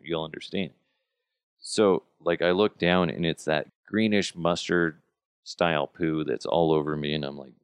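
A man's voice: low-pitched, dry recording, studio quality. A man in his thirties hosting a podcast, telling rambling stories in a casual, self-amused way. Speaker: podcast host. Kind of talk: casual chat.

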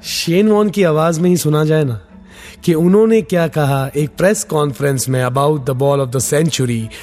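A man hosting a podcast, excitedly switching between Hindi and English. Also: on the high side, rapid-fire, soft background music. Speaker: podcast host. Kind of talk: energetic podcast commentary.

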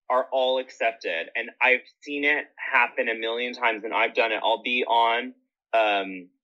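A man in casual conversation, telling animated stories and laughing often, with theatrical asides. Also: mid-range voice, dull audio. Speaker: podcast guest. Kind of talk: casual chat, storytelling.

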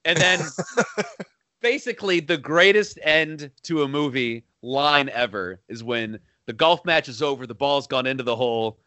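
A man's voice: mid-range voice, a little slow, pushed and bright, no echo. A man co-hosting a casual movie chat, enthusiastic and laughing often as he recounts favorite lines. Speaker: podcast co-host.

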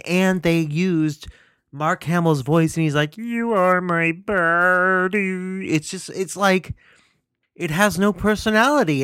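A man's voice: on the high side, no room sound, clean studio sound. Indignant man reviewing a film. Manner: indignant, emphatic, repeats himself. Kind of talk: opinionated movie commentary.

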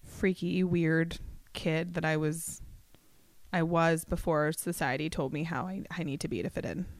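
A woman's voice: sits low, steady tone, unhurried, dry recording. A woman guest on a podcast, chatting casually and joking playfully. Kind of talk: casual chat.

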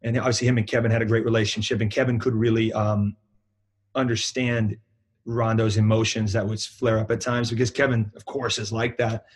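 New england guy telling a story, kinda husky, lots of ums and restarts. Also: lowish voice, a little fast. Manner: animated anecdote-telling with many fillers and restarts. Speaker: guest, youth basketball program director. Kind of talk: storytelling in a casual interview.

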